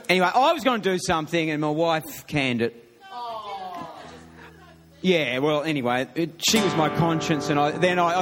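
A man's voice: sits high, fairly bright tone. A middle-aged man preaching to a congregation, telling a funny story in a chatty way, with frequent laughs and restarts. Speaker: pastor. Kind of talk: sermon with humorous story. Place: church hall. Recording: long hall reverb.

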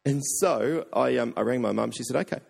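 A man's voice: mid-range voice, brisk, gravelly, husky. A man, a pastor telling a personal story in a sermon, earnest and acting out the voices he quotes. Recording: long hall reverb.

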